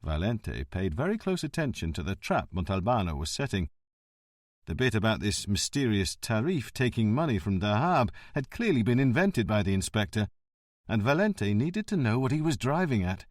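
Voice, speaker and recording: Expressive male audiobook narrator. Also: fairly low pitch, normal speed, dry recording, studio quality. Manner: expressive reading. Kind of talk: scripted narration.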